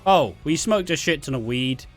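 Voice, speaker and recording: Young welsh guy rambling through festival-style stories, swears a lot, laughs mid-sentence, soft music under him. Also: a little high, expressive, moderate pace. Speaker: vlogger. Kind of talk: casual storytelling.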